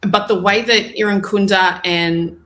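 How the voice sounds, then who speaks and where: A woman, a podcast guest, talking football with enthusiasm in long, excited stretches. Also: mid-range voice, measured pace, echoey room. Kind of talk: casual football chat.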